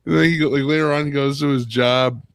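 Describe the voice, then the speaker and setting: A man's voice: mid-range voice, steady tone, quick pace, no echo. A man in casual podcast chat, eagerly retelling a comedy sketch and laughing.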